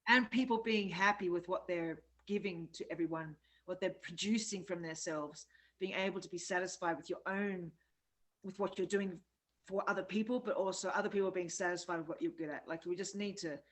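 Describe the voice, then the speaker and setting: A woman co-hosting a casual chat, effusive and encouraging, quick to cheer her guest on. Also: fairly low pitch, fairly even intonation, poor audio. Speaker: co-host.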